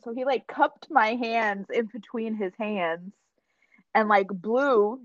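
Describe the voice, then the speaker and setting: A woman in casual chat, telling a story with animated energy, swearing and laughing often. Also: medium pitch, moderate pace, no echo, muffled recording.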